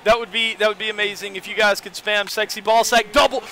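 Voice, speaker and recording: High, bright young man streaming. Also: fast, slight background noise. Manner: joking, excitable, talks to chat. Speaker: game streamer. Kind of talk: casual live-stream commentary.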